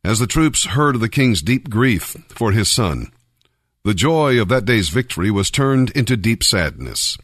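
A man reading a Bible passage aloud as scripted narration, in a measured, even way. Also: on the low side, dry recording, clean studio sound. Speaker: Bible reader.

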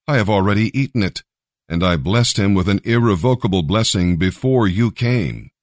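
A man reading the part of an elderly father and patriarch in a grave, measured way. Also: on the low side, lively intonation, dry recording, studio quality, lightly acted. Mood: solemn.

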